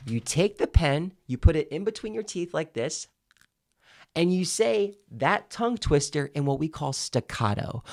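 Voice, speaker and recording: A man coaching viewers on clear speech, walking them through each exercise step by step. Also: mid-range voice. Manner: demonstrative, slowly spelling out each step. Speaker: speaking coach. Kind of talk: instructional talk to camera.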